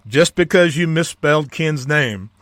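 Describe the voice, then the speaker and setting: A man's voice: a little high, expressive, a little slow, a bit bright, no echo. A man hosting a podcast, chatting casually and prompting his guest to share his stories. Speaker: podcast host. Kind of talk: casual interview chat.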